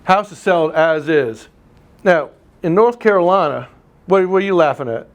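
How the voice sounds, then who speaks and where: A man teaching a live real estate class, telling stories and teasing the room. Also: fairly high pitch. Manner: animated storyteller, teasing, quick asides. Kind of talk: live class lecture with anecdotes.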